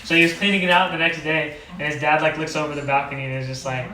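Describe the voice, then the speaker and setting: A man's voice: a little high, quick pace, pushed and bright. A young man casually telling a drunk story on a podcast, rambling and swearing with laughs. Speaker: podcast co-host. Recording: echoey room, mic at a distance, faint background noise.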